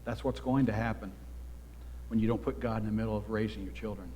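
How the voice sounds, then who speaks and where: A man preaching a sermon as pastor, earnest and exhorting, his voice swelling louder when he drives a point home. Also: fairly low pitch, fairly even intonation, fast talker, in a large hall, slight background noise. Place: church sanctuary.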